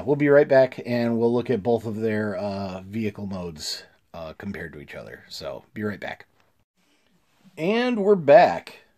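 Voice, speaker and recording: A man chatting through a toy review in a mellow, darker tone. He sounds a little congested, clears his throat now and then, and keeps it easygoing with plenty of "uh"s and restarts. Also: mid-range voice. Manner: easygoing, chuckling, many fillers and restarts.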